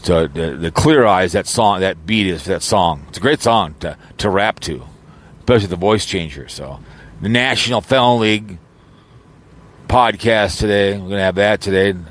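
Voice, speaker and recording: A man's voice: sits low, normal speed, a bit bright. A man rambling casually in an audio vlog, joking around with lots of fillers and false starts, recorded in his car. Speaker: YouTuber.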